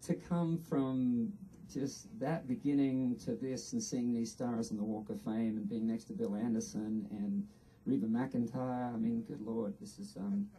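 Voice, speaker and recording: An Australian man giving an earnest, unhurried acceptance speech at an outdoor ceremony, pausing often. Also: medium pitch, steady tone, dark tone, distant mic, a little hiss or hum, low-quality recording. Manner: earnest, unhurried, with frequent pauses. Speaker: award inductee.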